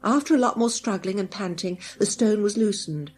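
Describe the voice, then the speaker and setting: A woman narrates a children's adventure audiobook. Her delivery is steady and measured. Her voice sits at an ordinary middle pitch.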